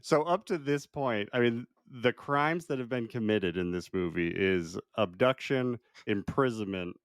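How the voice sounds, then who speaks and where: A man's voice: mid-range voice, measured pace, no room sound, studio quality. A man co-hosting a casual film review chat, laid-back and laughing often. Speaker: podcast co-host.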